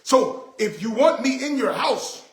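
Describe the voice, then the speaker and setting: A man's voice: very high voice, expressive, unhurried, echoey room. A man hosting a casual livestream, talking to viewers in an emphatic, repetitive, indignant way. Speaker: livestream host.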